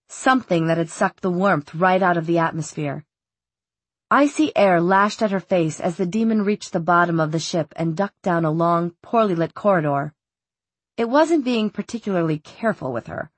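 A woman reads a novel aloud in measured, even storytelling. Her voice sits low and carries a breathy, husky edge. The recording is close and dry, with no room echo. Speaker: audiobook narrator. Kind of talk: scripted narration.

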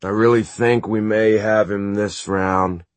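A man's voice: lowish voice, fairly even intonation, unhurried, no echo, pitched above the performer's own voice, natural voice. Man doing a playful, flamboyant warlock. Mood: cheerful, teasing. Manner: light, teasing, turns commanding.

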